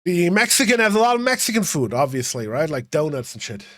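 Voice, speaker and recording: A man's voice: fairly high pitch, very animated, fairly quick, a bit bright, no room sound. A young man streaming a game, chatting casually with viewers, rambling and swearing freely. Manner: swearing, rambling, talking to chat. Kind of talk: casual livestream commentary.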